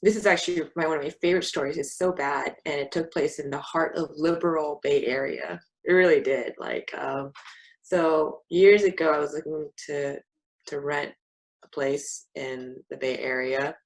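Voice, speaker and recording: A woman's voice: low-pitched, fairly even intonation, moderate pace, rough recording. A young woman from California, talking candidly on a casual podcast with a sarcastic edge. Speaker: podcast co-host. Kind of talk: casual conversation.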